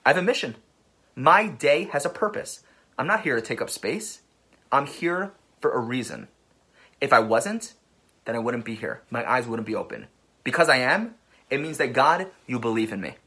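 A man's voice: medium pitch, big pitch swings, moderate pace, sharp tone, husky. A man speaking as a rabbi, telling an inspirational story in an emphatic way that builds to passionate peaks.

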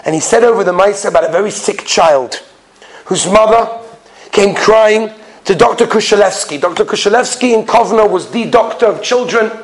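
A rabbi tells stories during a sermon, acting out the people in them and repeating phrases for emphasis. His voice is high-pitched and he speaks at a moderate pace.

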